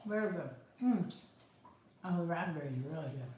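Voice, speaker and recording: A middle-aged woman hosting a relaxed tasting chat, chatty and often laughing. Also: fairly low pitch, a little fast, a little hiss or hum. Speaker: author hosting a release celebration. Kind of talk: casual chat during a tasting. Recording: very echoey room.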